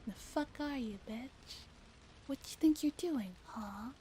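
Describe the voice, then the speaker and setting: A woman doing a menacing male biker thug in a whispered role-play, gruff put-on British slang, clipped and rough. The voice sits fairly high and mellow for a brute, with faint hiss behind it. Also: slow pace. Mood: growling.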